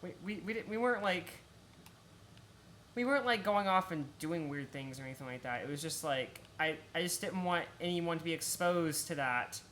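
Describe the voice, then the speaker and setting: Young Australian woman, streamer, casual and a bit sweary; bright, forceful tone pitched on the low side. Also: lively intonation, normal speed, slight background noise. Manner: chatty, swears freely, laughs often. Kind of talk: casual chat while gaming.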